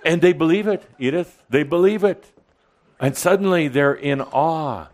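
A man speaking to a live audience in a channeled spiritual talk, playful and teasing, with dramatic pauses and swings between loud and soft delivery. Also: medium pitch, lively intonation.

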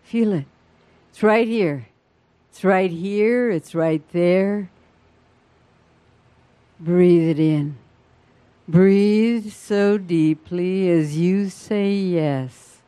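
A woman leading a guided breathing meditation, with soft, soothing, drawn-out invitations to breathe. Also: on the low side, clear, resonant tone, dry recording.

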